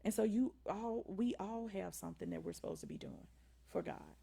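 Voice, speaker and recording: A woman's voice: medium pitch, wildly swooping pitch, moderate pace, creaky, mellow, slightly rough. A woman with a Southern drawl, hosting a faith-based motivational livestream and often asking the viewers "right?" and "y'all". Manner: preachy, repeats "right?" and "y'all". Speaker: livestream host.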